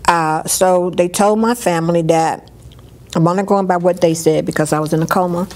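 Woman, lower register, warm storytelling in an interview, quotes people vividly. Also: moderate pace. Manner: lively storytelling, acting out others' words. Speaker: storyteller sharing her life. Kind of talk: personal story told in an interview.

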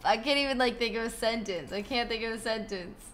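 A woman's voice: on the high side, fairly quick, a bit bright. A woman chatting casually on a live gaming stream, giggly and scattered, often breaking into laughs.

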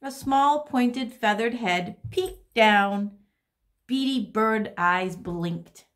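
A woman's voice: a little high, drawn-out words. A woman teacher reading a children's chapter book aloud to a second grade class, expressively. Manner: expressive storytelling.

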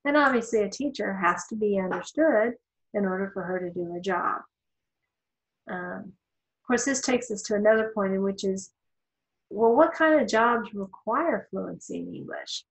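A woman's voice: mid-range voice, expressive, moderate pace, poor audio. Woman giving a casual law lecture. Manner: conversational, with asides and fillers. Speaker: law instructor. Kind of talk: recorded lecture.

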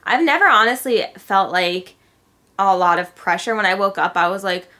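A woman's voice: medium pitch, normal speed, fairly bright tone. A young adult woman chatting casually to camera in a vlog, talking freely and filling her sentences with little filler words. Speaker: vlogger.

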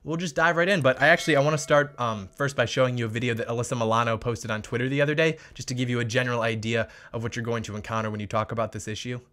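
A man's voice: mid-range voice, steady tone, racing, hardly any pauses, fairly bright tone. A man hosting political commentary, sarcastic and combative, mocking his opponents.

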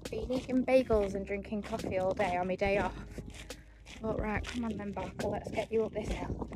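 A woman's voice: on the high side, noisy background. A young woman chats and narrates as she hikes solo over rocky moorland to wild camp, joking about herself and laughing often. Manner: chatty, self-deprecating, laughs often. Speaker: solo wild camping vlogger. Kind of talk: casual outdoor vlog narration. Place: outdoors on rocky moorland hills. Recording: loud background music.

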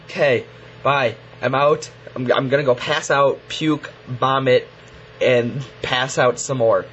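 A teenage boy vlogging casually to his webcam, rambling and halting with lots of fillers. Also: medium pitch, fairly even intonation. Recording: dull lo-fi webcam audio with faint hiss.

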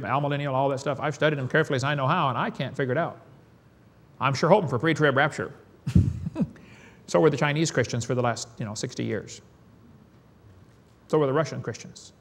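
A man with a Southern US accent preaching a sermon in a folksy, joking way, swinging between loud and soft. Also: mid-range voice. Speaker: evangelist preacher.

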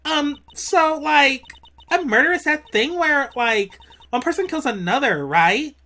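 Woman doing a high bubbly valley girl. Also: expressive, measured pace, sharp tone, full character voice. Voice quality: valley girl drawl with constant "like". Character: ditzy young female college student, occult fan.

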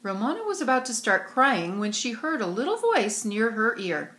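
A woman's voice: on the high side, moderate pace. Woman reading a children's story aloud. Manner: expressive storytelling. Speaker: narrator. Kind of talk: audiobook reading. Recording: roomy echo.

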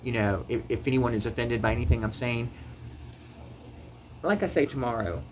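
A man's voice: mid-range voice, normal speed, slight background noise, low-quality recording. A man giving a heated commentary rant to camera, emphatic and passionate, often repeating words as he gets worked up. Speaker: YouTuber.

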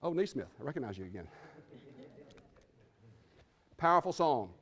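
A middle-aged man giving a motivational speech at a conference, talking quickly and often repeating or restarting his words. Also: medium pitch, sing-song, slight background noise. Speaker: conference speaker. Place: conference hall.

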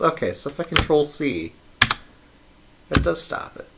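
A man's voice: a little high, sing-song, slow pace, vocal fry, noisy background. A man live-streaming his coding work, thinking aloud in a wry, casual way with many ums and uhs.

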